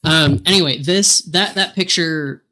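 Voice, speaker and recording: A man's voice: fairly high pitch, a little slow, sharp tone. A man co-hosting a podcast, laid-back in casual chat, a tabletop game master. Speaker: podcast co-host, dungeon master.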